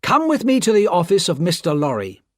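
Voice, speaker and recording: A woman voicing a calm, composed gentleman who speaks firmly in a read-aloud story. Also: sits high, a little fast, dry recording, studio quality, pitched above the performer's own voice.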